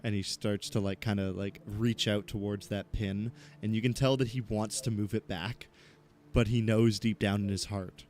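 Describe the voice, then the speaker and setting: A man's voice: fairly low pitch, fairly even intonation, normal speed, darkish tone. A man narrating a tabletop game as game master, describing scenes casually with many fillers.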